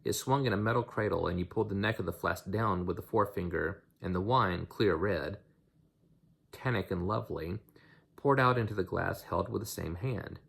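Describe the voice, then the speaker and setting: Male reader, unpolished novel reading, very low husky voice. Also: moderate pace, fairly bright tone. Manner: unpolished, with slips and restarts. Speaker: audiobook reader.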